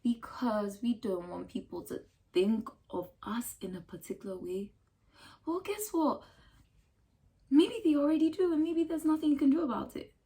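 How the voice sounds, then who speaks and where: A woman with a Ghanaian accent giving casual advice to camera in an emphatic, animated way, full of rhetorical questions. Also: fairly high pitch, moderate pace. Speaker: lifestyle vlogger.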